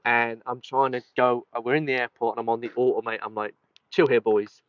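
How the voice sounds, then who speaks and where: A man's voice: medium pitch, fast, smooth, no echo, lo-fi sound. A young man telling a sweary story in casual chat, acting out the people in it. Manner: sweary, animated, acts out quotes. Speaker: podcast host telling a story.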